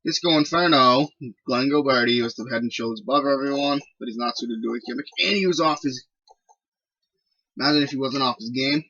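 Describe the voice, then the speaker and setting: A man's voice: mid-range voice, brisk, sharp tone, dry recording, muffled recording. A man giving casual, rambling commentary while playing a wrestling management game. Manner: chatty, rambling recaps. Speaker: video game let's player.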